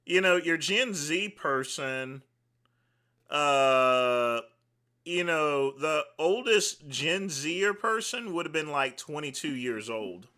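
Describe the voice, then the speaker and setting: A man's voice: a little high, expressive, slow pace, pushed and bright. A man in his forties, host of a livestream, rambling in casual chat with many fillers. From United States. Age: 40s. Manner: rambling, repeats himself, lots of "you know".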